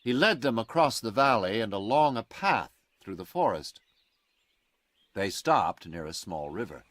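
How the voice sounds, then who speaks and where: A man reading a storybook aloud in a slow, clear and expressive narration. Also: fairly low pitch, dry recording. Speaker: audiobook reader.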